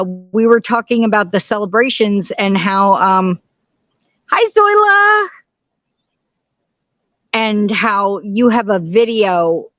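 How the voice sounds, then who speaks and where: A woman's voice: medium pitch, no room sound, dull audio. A woman hosting a casual live stream from home, chatting and greeting viewers by name. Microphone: camera on tripod.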